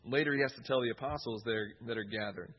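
A man's voice: mid-range voice, fast, husky, muffled recording. A man preaching a sermon in an earnest way, often repeating key phrases for emphasis.

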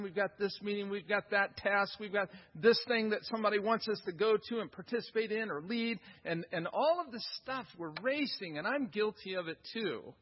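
High-voiced pastor preaching. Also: male voice, husky, highs cut off. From United States. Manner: earnest, repeats phrases for emphasis. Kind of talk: sermon.

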